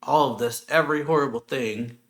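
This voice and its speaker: A man's voice: medium pitch, brisk, a bit bright, pitched above the performer's own voice, close to an everyday voice. A man reading aloud the lines of a despairing, proud male king of angels with raised, strained intensity. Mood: anguished.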